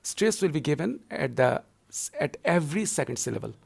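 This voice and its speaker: A man's voice: fairly high pitch, sing-song, a little fast, creaky, darkish tone, slightly rough. A male university lecturer explaining poetry scansion to students in a repetitive, explanatory way, with frequent filler words.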